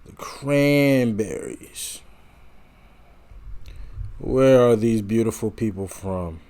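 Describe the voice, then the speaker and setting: Slow, musing man reacting. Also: lowish voice, warm tone. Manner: musing, meandering, self-correcting. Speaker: reaction video host. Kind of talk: casual reaction commentary.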